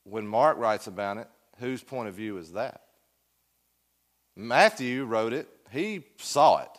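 A man teaches a Sunday school class in a church classroom. His voice sits at a middle pitch. He talks in a folksy, joking way and keeps putting questions to the room. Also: expressive, slow pace.

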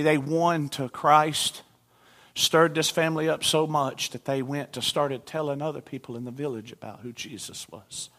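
A man preaching a sermon in a high voice. He tells the story and acts out the quoted exchanges. As he builds up he puts an "uh" before nearly every phrase. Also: a bit bright.

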